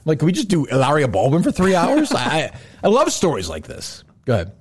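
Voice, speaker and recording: A man's voice: fairly high pitch, huge pitch swings, a little fast, breathy edge. A man hosting a casual comedy podcast, profane and laughing often, slipping into mocking voices. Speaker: podcast host.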